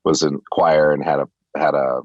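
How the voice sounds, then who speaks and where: Deep-voiced guy on a podcast, playful, laughs a lot, dull dry sound. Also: level tone, moderate pace, dry recording. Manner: playful, laughs often, slips into put-on accents. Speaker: podcast guest. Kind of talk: casual interview chat.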